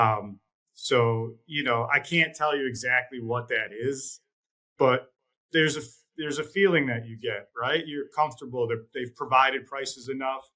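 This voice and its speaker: A man as an interview guest, talking in a measured, plain-spoken way and repeating words as he thinks. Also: mid-range voice, bright, forceful tone, low-quality recording. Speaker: guest, trading executive. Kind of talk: casual interview chat.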